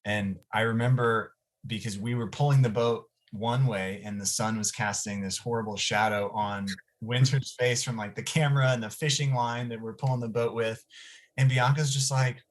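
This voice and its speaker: A man who wrote and directed the film, hosting a casual Q&A on a video call and telling relaxed, chatty stories about the shoot. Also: medium pitch, moderate pace.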